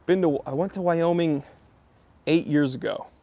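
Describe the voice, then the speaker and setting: With a fairly high, warm voice at a moderate pace, this watch channel host reads viewers' chat comments aloud on a casual live stream. He answers in an easygoing, rambling way loaded with ums and uhs.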